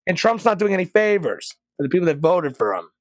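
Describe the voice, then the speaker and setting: A man hosting a podcast, ranting sarcastically in a casual monologue and jumping to loud, high peaks. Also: big pitch swings, fast talker, no room sound. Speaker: podcast host.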